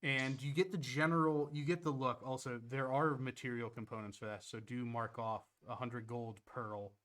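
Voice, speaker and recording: Acting as game master for a tabletop game, a man narrates casually and hesitantly, leaning on fillers. His mid-range voice is fairly bright and steady in tone, at a moderate pace.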